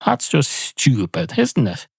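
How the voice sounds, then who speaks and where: A man's voice: medium pitch, huge pitch swings, takes it slowly, gravelly, breathy edge, dry recording, heavily acted. A man voicing a fussy male barman who rambles on indignantly and pedantically. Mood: musing.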